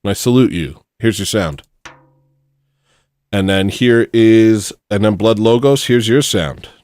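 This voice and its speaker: A man's voice: on the low side, unhurried, darkish tone, clean tone, no room sound, studio quality. A man hosting a livestream, chatting casually and joking as he thanks viewers for donations. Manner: rambling, jokey, reads out super chats. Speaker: livestream host.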